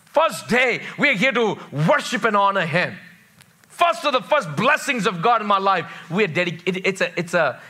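A man's voice: high voice, bright, forceful tone. A man preaching a sermon to his church, stressing phrases by repeating them and asking the congregation to respond. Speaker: pastor.

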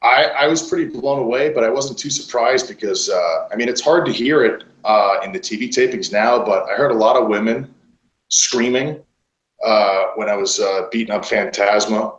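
A man, a pro wrestler guest, telling stories casually, swearing a lot and filling pauses with "uh". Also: on the low side, muffled recording. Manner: profane, rambling with many fillers. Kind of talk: casual interview storytelling. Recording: roomy echo.

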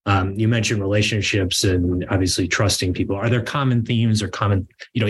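Husky low-voiced man asking questions. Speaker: interview host. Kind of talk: long, winding interview questions.

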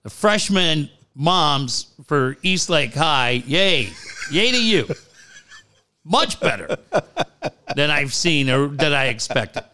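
A man's voice: fairly high pitch, very animated, slow pace, sharp tone, clear, resonant tone. A man co-hosting a podcast, telling stories in a casual chat, swearing freely and laughing as he goes. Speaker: podcast co-host.

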